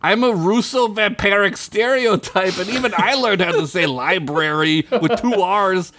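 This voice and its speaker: A man voicing a grumpy, drunk vampire with a mock Russian accent, talking sarcastically and deadpan. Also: sits high, unhurried, slight background noise, pitched above the performer's own voice. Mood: sarcastic. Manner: sarcastic, deadpan, put-upon.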